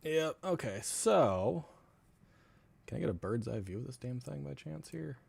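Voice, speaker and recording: A man's voice: mid-range voice, lively intonation, measured pace, gravelly, a little mellow, slightly rough, no room sound. A man chatting casually on a podcast about a possible haunting, talking loosely and swearing freely. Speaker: co-host.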